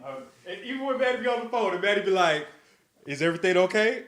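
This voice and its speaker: A man recounts stories in casual chat, halting and searching for his words. His voice sits somewhat high for a man. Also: animated, a bit bright. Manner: hesitant, halting storytelling.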